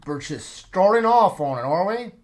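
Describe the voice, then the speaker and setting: A man's voice: sits high, animated, moderate pace. A man hosting a card game playthrough, reading the story aloud with offhand asides. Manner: offhand asides between read passages. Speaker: game player and channel host.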